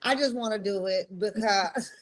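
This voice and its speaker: A woman's voice: mid-range voice, normal speed. A woman hosting a podcast interview, enthusiastic and acting out conversations with her husband. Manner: enthusiastic, acts out quotes. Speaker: podcast host.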